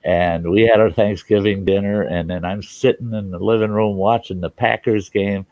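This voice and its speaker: Older American man, host, very low voice, loose frank storyteller, dull recording. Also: steady tone, moderate pace, a little mellow, dry recording. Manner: rambling, frank, swears freely, acts out quotes. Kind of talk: casual storytelling chat.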